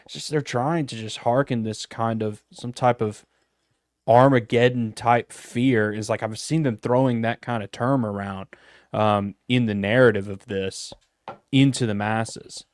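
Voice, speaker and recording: A man of mid-range pitch rambles loosely, swearing casually as he chats on a live stream. His voice is close and dry, with no room sound. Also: fairly even intonation, measured pace, dry recording. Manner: rambling, profane, laid-back. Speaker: podcast co-host.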